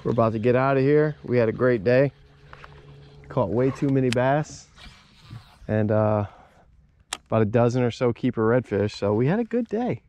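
A man's voice: medium pitch, fairly even intonation, moderate pace, pauses often, darkish tone, highs cut off, slight background noise. A man, talking casually to the camera while fishing from a small boat on a marsh. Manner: laid-back, chatty, talks to the camera and to the fish. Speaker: fishing vlogger. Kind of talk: casual outdoor vlog commentary.

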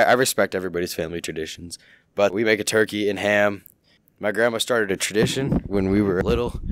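Deep-voiced teen rambling casually. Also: male voice, clean tone, no room sound. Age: teens. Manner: relaxed rambling with many "you know"s. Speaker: guest, wrestler and football player. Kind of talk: casual chat.

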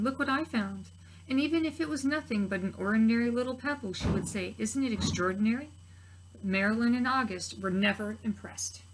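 A woman reads a storybook aloud for preschoolers in a gentle, expressive voice. Her pitch sits in a middle range, and a faint hum of ambience lies behind her. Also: low-quality recording. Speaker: preschool teacher reading aloud. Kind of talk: children's story read-aloud.

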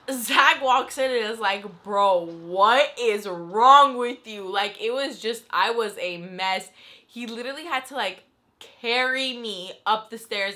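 A young adult woman telling a story in a casual, animated vlog style, saying "like" constantly. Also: on the high side. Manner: chatty and animated, heavy use of "like". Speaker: vlogger.

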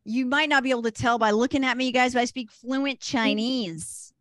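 An older woman from Texas, doing a stand-up comedy set, lively and self-deprecating. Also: on the high side, a little fast, no echo, clean studio sound. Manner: lively, self-deprecating, puts on voices for quoted people.

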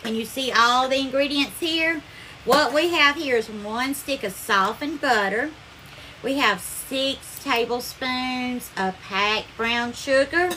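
Southern lady doing a live cooking stream, high bright voice, sweet and chatty, calls everyone darling, bit of kitchen noise. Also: slow pace. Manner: effusive, calls viewers darling, thanks them by name. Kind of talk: casual live-stream chat and cooking demo.

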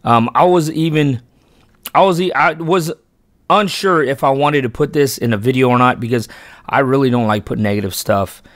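A man's voice: medium pitch, moderate pace, fairly bright tone, dry recording. Earnest man telling a fishing story, dry sound. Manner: rambling, frequent restarts and self-corrections; earnest, emphatic when praising his son. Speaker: fishing channel host and father. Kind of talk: casual storytelling vlog narration.

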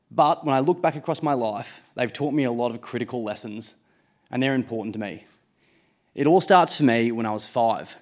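A man in his late twenties with an Australian accent, telling a true story live on stage in a casual, self-mocking way, with swearing and laughs. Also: medium pitch.

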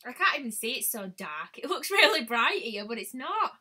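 Bright-voiced chatty woman. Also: fairly high pitch, sing-song, normal speed, few pauses, breathy edge. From United Kingdom. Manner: chatty, thinks aloud, exclaims often. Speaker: beauty vlogger. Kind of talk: casual live-stream chat.

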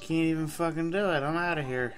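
A man's voice: a little high, steady tone, quick pace, soft background music. A man playing a kids' game and mocking it with crude, sarcastic commentary. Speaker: let's play gamer. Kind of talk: profane comedic game commentary.

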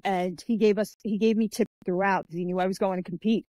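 This time the guest talks fast at medium pitch on a dry recording. The author and martial artist tells lively stories in a casual podcast interview, acting out quoted people and relying on "like" and "I'm like."

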